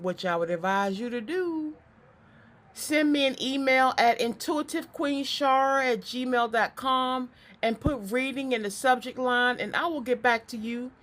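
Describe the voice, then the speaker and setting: A woman doing a psychic card reading to camera. She talks in a chatty, animated way, often repeats words, and drifts into preaching. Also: fairly high pitch.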